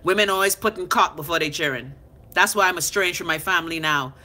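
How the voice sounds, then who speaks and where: A woman's voice: fairly low pitch, fast. Brash Bahamian woman ranting. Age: 30s. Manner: blunt, profane, animated, talks back to commenters. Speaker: live-stream host reading comments. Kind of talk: unfiltered casual rant.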